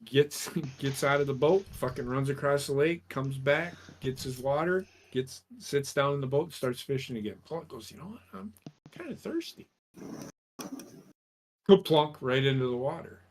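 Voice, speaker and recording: A man co-hosting a casual podcast, telling a joke loudly and animatedly and laughing along. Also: mid-range voice, moderate pace, few pauses, a little hiss or hum. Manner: loud, animated storyteller who laughs at his own jokes. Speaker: podcast co-host.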